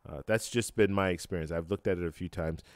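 A man hosting a travel live stream, casually chatting and answering comments, relaxed and halting with lots of fillers, close to his mic at home. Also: low-pitched, no echo. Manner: relaxed, halting, many fillers and restarts, laughs easily. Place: home room with a computer fan. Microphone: close-up microphone.

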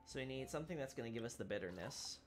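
A man's voice: medium pitch, expressive, rapid-fire, soft background music. Chatty man streaming a game. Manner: chatty, talks to chat while playing. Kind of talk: casual let's-play commentary.

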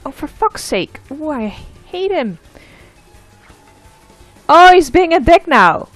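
Animated woman swearing at a video game. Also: sits high, slow pace, faint music behind. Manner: easily frustrated, swears and shouts at the game; laughs at herself. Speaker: let's play gamer. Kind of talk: casual gameplay commentary.

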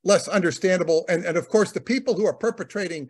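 A man's voice: sits high, fast talker. A man co-hosting a talk, rambling in casual commentary, often repeating words and using fillers. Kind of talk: conversational commentary.

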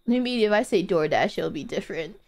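A woman streaming a game, playful, giggly and excitable, talking to her chat. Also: lowish voice, a little fast, creaky.

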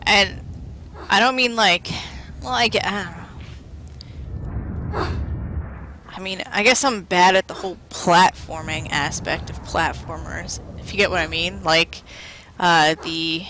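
A woman giving casual commentary while playing a video game, exasperated and self-deprecating, often shouting at the enemies on screen. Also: lowish voice, steady tone, unhurried, long pauses, slight background noise. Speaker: let's play commentator.

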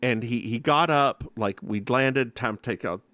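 A man co-hosting a podcast, telling stories in a sassy, animated way and acting out what people said. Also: medium pitch, normal speed, no echo. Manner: animated, acts out quotes, sassy. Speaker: podcast co-host. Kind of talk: casual chat, storytelling.

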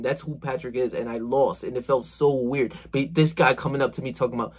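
A man vlogging, telling a casual, animated story full of slang and swearing. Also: medium pitch, fairly quick, hardly any pauses, breathy edge.

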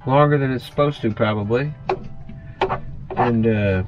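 A relaxed man chats to his viewers while cooking in the tight kitchen of a small motorhome. He talks in a mid-range voice, easygoing and folksy, often calling people "man". Guitar music plays clearly underneath. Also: medium pitch, measured pace, muffled recording. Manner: laid-back, folksy, says "man" often. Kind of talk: casual chat to camera.

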